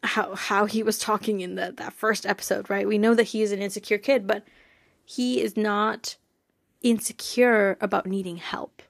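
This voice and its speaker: A woman's voice: medium pitch, steady tone, normal speed, gravelly, no echo, clean studio sound. A young woman hosting a podcast, chatting casually and enthusiastically, laughing often. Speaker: podcast host. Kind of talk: casual chat.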